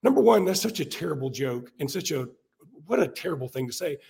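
Guy with a gravelly hoarse voice, kinda high, chatting sports and cracking himself up. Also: quick pace. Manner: animated, laughs at himself. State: hoarse from illness. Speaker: podcast co-host. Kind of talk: casual sports talk.

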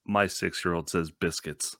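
A man's voice: sits low, steady tone, moderate pace, fairly bright tone, no echo, clean studio sound. A man in his thirties hosting a casual conversation, chatty and self-deprecating, laughing easily.

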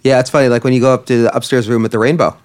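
A man's voice: medium pitch, racing. A man hosting a casual interview, chatting easily and laughing along with his guest. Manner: relaxed, laughs along, conversational prompts.

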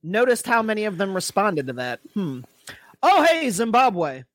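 A sarcastic man reads through his notes in casual podcast chat, joking and swearing freely. His voice sits high and swings widely, and it is recorded dry and close. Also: very animated, moderate pace, a bit bright, no room sound. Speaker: podcast co-host.

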